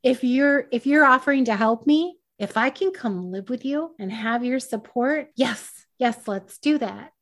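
A woman's voice: a little high, measured pace, few pauses. A woman guest on a podcast, telling a personal story in a candid, self-deprecating way.

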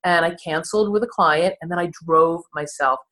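A woman in her sixties speaks in a low, grounded voice. She tells her story candidly as an interview guest, laughing at herself along the way. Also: a little fast, fairly bright tone. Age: 60s. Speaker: therapist and podcast guest.

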